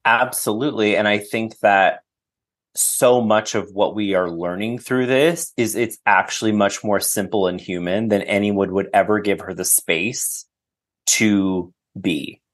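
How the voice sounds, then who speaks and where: A man's voice: on the low side, a little slow. Earnest man guest on a podcast. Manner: earnest, animated, trails off and restarts when moved. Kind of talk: casual book discussion.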